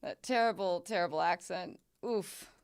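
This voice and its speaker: Young woman gaming on stream, chatty, swears a lot, smooth clear voice, keyboard clacking. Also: lowish voice, normal speed. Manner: chatty, swearing, laughing, exclamations. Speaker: game streamer. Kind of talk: casual gameplay chat.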